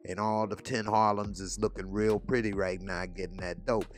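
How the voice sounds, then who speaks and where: A man's voice: lowish voice, flat delivery, normal speed. A man hosting a TV review, casually retelling an episode in a loose, slangy storytelling manner. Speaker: TV review host.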